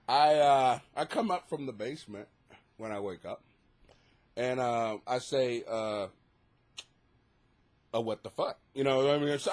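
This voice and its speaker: A man hosting a comedy podcast from his basement, telling stories in a loose, profane, storytelling way. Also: on the high side. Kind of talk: casual comedic monologue. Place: home basement.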